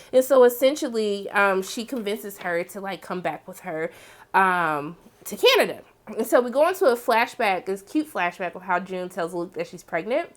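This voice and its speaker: A woman hosting a casual TV recap, chatty and animated, full of "like" and "um" fillers. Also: moderate pace. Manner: chatty, heavy use of "like" and "um"; animated, breaks into excited high exclamations. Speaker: TV series review host.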